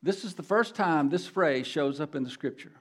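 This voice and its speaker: Guy preaching in church, highish voice, gets quiet then really loud on the key words. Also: lively intonation, normal speed, breathy edge. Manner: emphatic, swinging from quiet to loud boasting. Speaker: guest preacher. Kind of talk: sermon. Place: church sanctuary.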